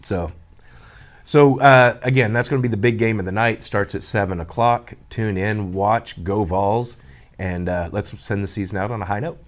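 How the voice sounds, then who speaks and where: A man's voice: on the low side, normal speed. A man, the show's sports director, running through college sports in an easygoing, joking chat. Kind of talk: casual morning show sports chat.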